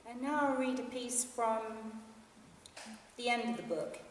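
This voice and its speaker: A woman's voice: a little high, animated, a little slow, background noise. A woman in her fifties reading from her memoir to an audience in a library hall, with a dry, understated storytelling manner. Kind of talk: public book reading. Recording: echoey hall, mic from far off.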